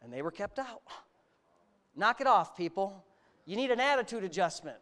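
A middle-aged male pastor with a notably high voice delivers an animated sermon. He swings between sarcastic asides and rising, near-shouted exhortations. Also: normal speed.

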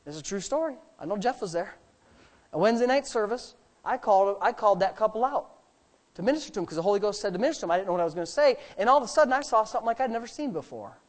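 Male pastor, sermon, sarcastic, lively swings between loud highs and hushed lows. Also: rapid-fire. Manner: animated preaching with wide swings between loud, high bursts and low, quiet asides.

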